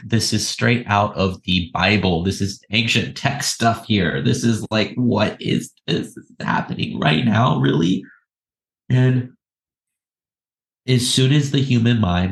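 A man with a lowish voice recounts a personal experience as a podcast guest. He speaks with emotion and halts often, restarting phrases and slipping laughter between words. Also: low-quality recording. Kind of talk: personal storytelling.

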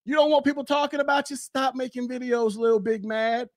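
A man doing a casual commentary podcast from his desk at home, blunt and mocking with loud bursts. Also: very high-pitched, steady tone, brisk, no echo, clean studio sound.

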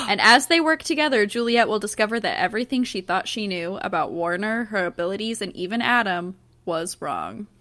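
A woman's voice: medium pitch, animated, moderate pace, bright, forceful tone. A young adult woman co-hosting a podcast, chatting casually in a blunt, giggly way. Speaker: podcast co-host. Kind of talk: casual chat.

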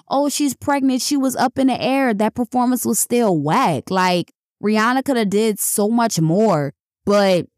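A woman's voice: on the low side, a little mellow, dry recording, studio quality. Blunt, profane woman podcaster. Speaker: podcast host. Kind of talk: casual podcast monologue.

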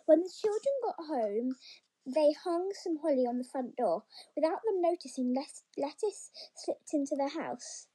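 A woman reading a children's picture book aloud, chatty and encouraging, with frequent ums and stumbles as she pauses to ask the listeners questions. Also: high-pitched, lively intonation, mellow, low-quality recording. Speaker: story reader for young children.

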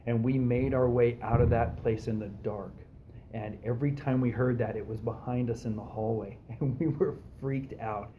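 A man's voice: medium pitch, normal speed, narrow, tinny audio, slight background noise. A man co-hosting a podcast, telling a story in casual chat and acting out the voices of the people in it. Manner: animated, acts out quoted voices, frequent fillers.

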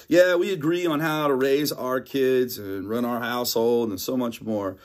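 A middle-aged male pastor preaches with an animated, emphatic delivery, driving points home by repeating them. His voice sits at an ordinary middle pitch for a man. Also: moderate pace, few pauses. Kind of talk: sermon.

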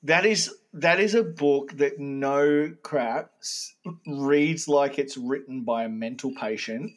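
A man from Australia co-hosting a comedy podcast, playful and teasing, quick to laugh. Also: mid-range voice, rough recording. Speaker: podcast co-host. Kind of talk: casual comedy chat.

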